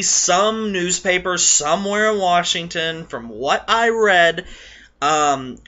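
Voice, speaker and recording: A man's voice: a little high, pushed and bright, dull audio. A man rambling through a casual video rant, with many restarts and fillers. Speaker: vlogger.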